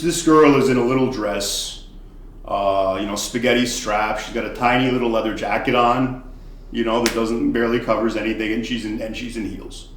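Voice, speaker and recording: A man telling a comedic bar story casually, profane and swinging between loud and hushed. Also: mid-range voice. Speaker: podcast storyteller, former bartender. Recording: echoey room.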